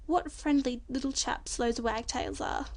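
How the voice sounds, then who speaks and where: A woman's voice: high voice, a little slow. A woman voicing a cheerful, friendly young man in a storybook audiobook, speaking heartily.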